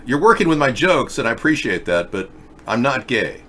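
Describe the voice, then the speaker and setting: The host of a casual video chat show, a man with a medium-pitched, slightly bright voice, rambles through stories and reads his viewers' comments out loud.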